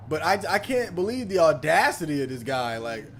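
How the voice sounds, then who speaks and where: High-voiced guy ranting over his game, swears a lot, real lively. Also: brisk, slight background noise. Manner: animated, profane, laughing reactions. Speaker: gaming channel host. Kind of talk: let's play commentary.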